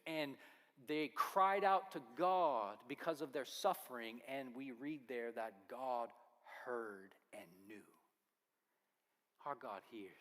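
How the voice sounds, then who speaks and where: A man's voice: medium pitch, fairly bright tone. A man preaching a sermon as pastor, earnest and firing off rhetorical questions. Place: church sanctuary. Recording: long reverb of a church hall.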